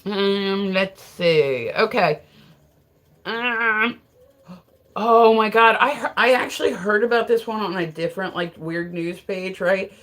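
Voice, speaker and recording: This live streamer is a woman with a medium-pitched, fairly bright voice who speaks slowly over faint background music. She chats casually and frankly, jokes around, rambles, and fills her talk with words like "like."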